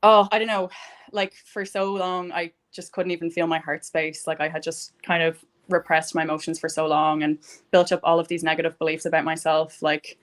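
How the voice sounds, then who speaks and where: A young woman talking warmly about gratitude in a casual conversation, rambling with many fillers. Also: deep voice, level tone, fairly quick. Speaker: guest.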